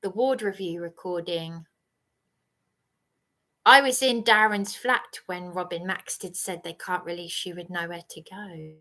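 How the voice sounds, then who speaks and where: Slow, agitated woman ranting on a livestream. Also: on the low side, steady tone, pushed and bright. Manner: agitated, accusatory, repeats herself. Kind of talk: angry livestream rant.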